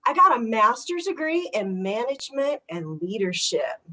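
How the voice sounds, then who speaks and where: A woman performing a stand-up comedy set with animated, punchy delivery. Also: on the high side, normal speed, rough recording. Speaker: stand-up comic.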